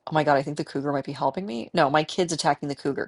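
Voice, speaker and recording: Gravelly woman, has a cold, casual rambling gameplay chat, self-mocking. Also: low voice, racing. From American Midwest. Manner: chatty, rambling, self-mocking, talks to game animals. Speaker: gaming streamer.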